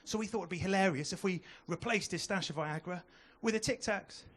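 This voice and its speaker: During a club stand-up set, a young man talks with the crowd through a handheld mic and drops quick asides. His voice is high-pitched and a bit bright.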